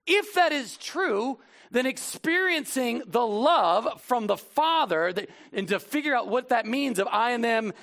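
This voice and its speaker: Fervent preaching man, gravelly voice. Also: lively intonation, measured pace. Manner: impassioned, swings between loud emphatic lines and low intimate asides. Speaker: pastor. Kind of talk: sermon. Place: church.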